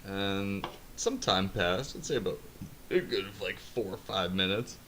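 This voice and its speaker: A man's voice: low voice, expressive, a little slow, sharp tone, a little hiss or hum. A young man hosting a podcast, telling a long story in casual chat, rambling and swearing, laughing at his own jokes.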